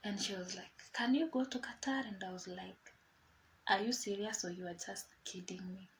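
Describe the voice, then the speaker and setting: A young woman vlogger casually telling a personal story, chatty and animated, acting out quoted dialogue. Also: medium pitch, moderate pace, a little hiss or hum, low-quality recording.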